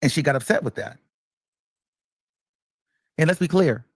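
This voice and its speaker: A man's voice: fairly high pitch, lively intonation, measured pace, slightly rough. A man hosting reaction commentary, emphatic and repeating his points for stress. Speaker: commentary host.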